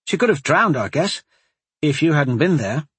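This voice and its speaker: A man voicing a hearty, teasing woman soldier in a fantasy audiobook, his voice raised and lively. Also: fairly high pitch, normal speed, slightly rough, no room sound, pitched above the performer's own voice, exaggerated voice. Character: gruff friendly woman soldier.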